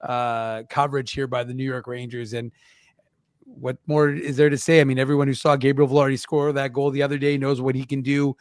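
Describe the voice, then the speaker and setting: A man's voice: mid-range voice, flat delivery, a little fast, a little mellow, no echo, clean studio sound. A man co-hosting a casual hockey post-game show, bluntly critiquing defensive play and laughing easily.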